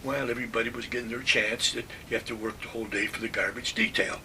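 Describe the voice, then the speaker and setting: A man in his nineties from Western New York telling his army stories in a plainspoken, animated way. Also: medium pitch, quick pace, recorded from a distance, slight background noise. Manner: plainspoken, animated retelling with acted-out quotes. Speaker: WWII veteran telling war stories. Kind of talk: oral history storytelling.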